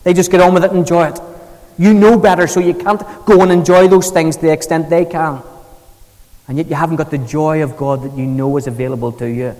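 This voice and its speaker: A man preaching a sermon with animated, storytelling delivery. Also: on the high side, fairly quick, in a large hall, low-quality recording.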